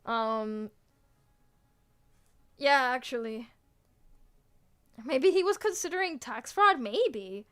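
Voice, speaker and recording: A woman's voice: high voice, expressive, takes it slowly, long pauses, fairly bright tone, smooth. A young woman VTuber chatting casually with her viewers, playful and teasing, laughing often and cutting herself off mid-sentence. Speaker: VTuber streamer. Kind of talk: casual stream chat, answering viewers.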